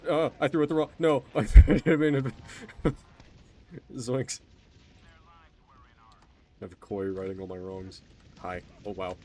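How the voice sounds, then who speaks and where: Low voiced guy rambling thru a game stream, laughs at himself, bit of faint hiss. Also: level tone, slow pace, long pauses, a little mellow. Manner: rambling, self-mocking, trailing off mid-sentence. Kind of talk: casual gameplay commentary.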